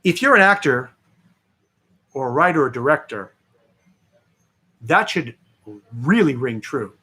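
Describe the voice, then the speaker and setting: A man, a film director, chatting as a guest and telling lively anecdotes with many fillers. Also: mid-range voice, a little slow, breathy edge. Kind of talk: interview storytelling.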